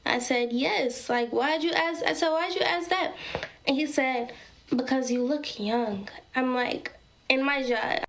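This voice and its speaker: A woman's voice: high-pitched, measured pace, a bit bright. A woman casually telling a personal story, dramatic and talking straight to her viewers. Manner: dramatic, addresses viewers as y'all.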